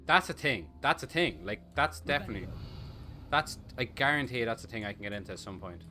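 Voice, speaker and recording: A man's voice: mid-range voice, lively intonation, brisk, pushed and bright, soft background music. A man with an Irish accent giving casual, crude, joking commentary while streaming a game. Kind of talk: live gameplay commentary.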